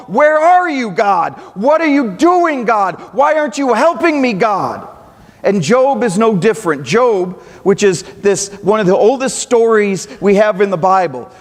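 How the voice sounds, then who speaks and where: Guy pastor, highish voice, chatty storytelling sermon, long reverb from the church. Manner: storytelling, conversational, with restarts.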